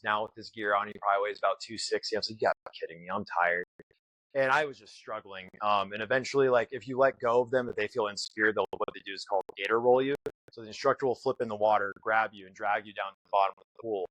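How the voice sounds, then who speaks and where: A man recounts a story at a quick clip, slipping into other people's voices for the quoted lines. The sound is dry and close, with no room behind him. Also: mid-range voice, no echo, rough recording. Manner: fast, animated retelling with voiced quotes. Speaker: guest. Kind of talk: casual storytelling.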